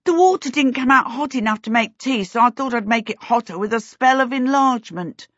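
A woman's voice: sits high, very animated, a little slow, a bit bright, slightly rough, no room sound, pitched above the performer's own voice, full character voice. A woman voicing a flustered young boy apprentice wizard who sounds anxious and apologetic, in a storybook reading. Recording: dry, slightly dull recording.

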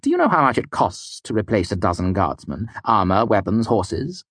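A man's voice: lowish voice, very animated, moderate pace, a bit bright, slightly rough, no echo, pitched above the performer's own voice, heavily acted. A man reading an audiobook, voicing a weary, irritable middle-aged mayor who speaks curtly and brusquely. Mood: curt, exasperated. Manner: curt, brusque, exasperated. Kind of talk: audiobook character voice.

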